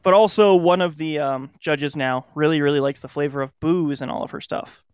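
A man's voice: on the high side, brisk, smooth, dry recording, studio quality. A man co-hosting a podcast in a laid-back, chatty way, laughing often. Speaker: podcast co-host. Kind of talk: casual chat.

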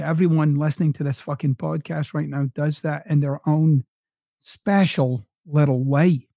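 A man with a softened Glasgow Scottish accent hosts a podcast, coaching listeners in a blunt, direct way and swearing freely. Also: a little high, vocal fry, dry recording, studio quality. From Scotland. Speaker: podcast host. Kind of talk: motivational podcast monologue.

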